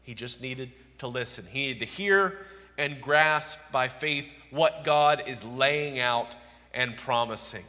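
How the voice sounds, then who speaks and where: A man's voice: mid-range voice, slow, pushed and bright, long reverb tail. A man preaching an expository sermon, emphatic and repeating key words for stress.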